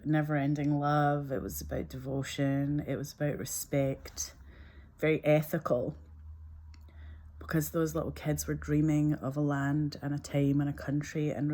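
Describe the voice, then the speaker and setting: Low-voiced woman rambling casually. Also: mellow. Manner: chatty, meandering, frequent "like" fillers, laughs often; drinks juice while talking. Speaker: filmmaker talking to camera.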